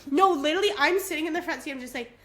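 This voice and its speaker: Podcast co-host, young woman, high bright voice, animated storyteller doing voices. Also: racing. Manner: animated, acts out voices with big pitch jumps. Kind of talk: casual storytelling chat.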